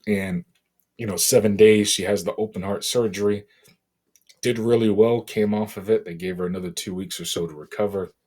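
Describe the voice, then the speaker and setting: A middle-aged man from Boston, a podcast guest, telling a painful personal story in a halting, emotional way with many fillers. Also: fairly low pitch, fairly even intonation, darkish tone. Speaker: interview guest.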